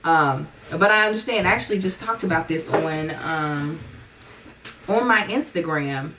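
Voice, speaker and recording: A woman's voice: fairly low pitch, moderate pace, background noise. A woman content creator hosting a podcast in casual chat, chatty and playful.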